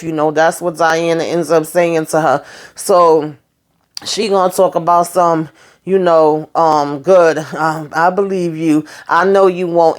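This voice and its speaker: A woman casually recapping a TV episode, blunt and outspoken, swearing freely and briefly voicing the characters as she retells each scene. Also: lowish voice. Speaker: TV show recapper.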